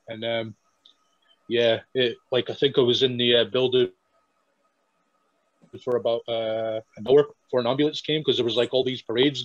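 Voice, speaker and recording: Brief: young wrestler from Scotland, hesitant storyteller, dull lo-fi sound. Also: male voice, medium pitch, dry recording. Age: young adult. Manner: halting, many fillers and restarts, laughs while telling. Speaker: wrestler guest. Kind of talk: casual interview storytelling.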